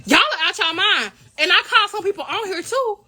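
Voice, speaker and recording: A young woman, a member of a college royal court, telling an indignant, animated story in a casual vlog. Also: extremely high pitch, fairly quick, faint music behind. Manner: animated, indignant retelling with quoted dialogue.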